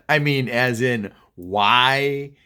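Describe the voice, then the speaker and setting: A man's voice: medium pitch, drawn-out words, bright, forceful tone, clear, resonant tone. A man casually telling a spooky childhood story, chatty, with restarts and asides to the listener. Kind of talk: casual spoken horror storytelling.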